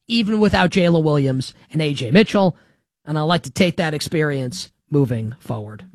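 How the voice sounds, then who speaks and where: A man's voice: a little high, animated, normal speed, dry recording. A man hosting a solo sports commentary show, talking in a sarcastic, emphatic and rambling way with frequent restarts. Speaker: sports talk host.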